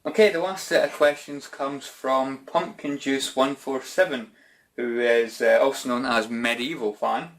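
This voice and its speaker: A Scottish man chats casually through viewer questions on his channel. His talk is loose and informal, peppered with "bloody" and "mate", in a voice of ordinary middle pitch. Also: fairly even intonation, a little slow, a bit bright. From Scotland. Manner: chatty and informal, says "bloody" and "mate" a lot. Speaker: YouTube gaming channel host. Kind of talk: casual Q&A vlog chat.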